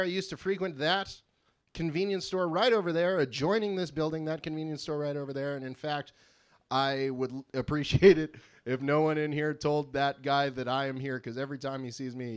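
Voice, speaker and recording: A young man from California doing a live stand-up set in a small venue, deadpan and prone to rambling digressions. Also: a little high. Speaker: stand-up comedian.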